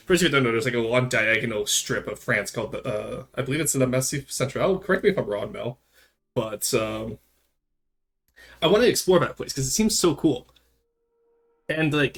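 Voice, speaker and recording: A man's voice: mid-range voice, slightly rough. A young man from Quebec chatting casually on a livestream, answering viewers, cursing and laughing freely. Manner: animated, switches into French, swears and laughs freely. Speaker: streamer.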